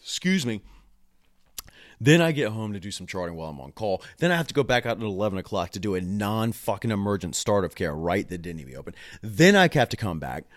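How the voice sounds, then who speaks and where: A man who works as a nurse, ranting angrily into a camera at home, swearing a lot and breaking into loud outbursts and quick asides. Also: on the low side, sing-song. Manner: profane, frustrated, loud outbursts and rapid asides. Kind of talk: angry ranting vlog.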